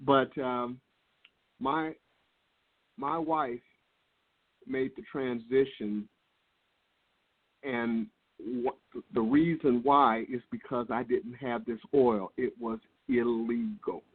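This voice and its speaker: Husky man on a phone line. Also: medium pitch, fairly even intonation, takes it slowly, long pauses. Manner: laid-back, earnest, circles back on his words. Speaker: guest speaker. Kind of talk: business call interview.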